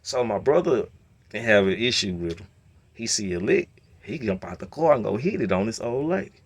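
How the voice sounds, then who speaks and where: A man telling a long story in a casual rant, slipping between low muttering and loud outbursts. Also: lively intonation, moderate pace, husky. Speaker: storyteller host.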